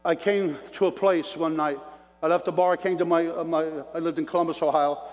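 A man preaching his testimony as an animated storyteller, folksy and plain-spoken, calling out to the congregation. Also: fairly high pitch, fairly quick. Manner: animated storyteller with preacher call-outs to the crowd; folksy self-described redneck talk. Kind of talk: sermon testimony. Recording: long reverb of a large hall.

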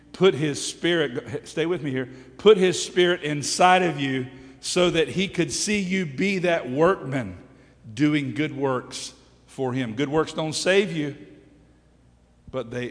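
Middle-aged male pastor, preaching, call-and-response, fairly high voice, long reverb. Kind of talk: sermon. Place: church sanctuary.

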